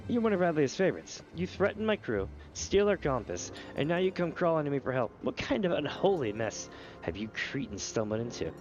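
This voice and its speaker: A man voicing a gruff male sky pirate captain who speaks bluntly and accusingly. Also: on the high side, big pitch swings, brisk, pitched above the performer's own voice. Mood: scornful. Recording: dull lo-fi stream audio with game music.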